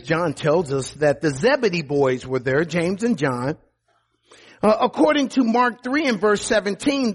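A man preaching a sermon as pastor, emphatic, often repeating words and dropping to quiet low lines. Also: breathy edge.

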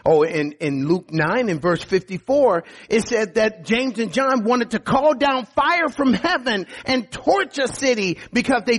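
High-voiced man preaching a sermon. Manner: emphatic preaching, repeats words, swings between high calls and low quiet lines. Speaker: pastor.

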